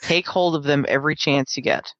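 A woman's voice: low-pitched, fairly quick, a bit bright, dry recording, muffled recording. A woman co-hosting a casual book discussion, retelling the plot with quoted lines and frequent laughter. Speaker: podcast co-host.

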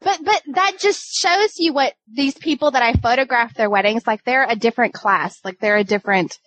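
A woman's voice: on the high side, brisk, a bit bright, no room sound, poor audio. A woman, a wedding photographer, telling a story in casual podcast chat, rambling with many fillers and restarts.

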